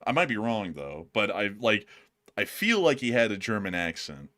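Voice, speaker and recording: A man's voice: lowish voice, big pitch swings, moderate pace, sharp tone. A man hosting a live news-commentary stream, talking in a rambling way with lots of fillers and repeated words as he thanks viewers. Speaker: host.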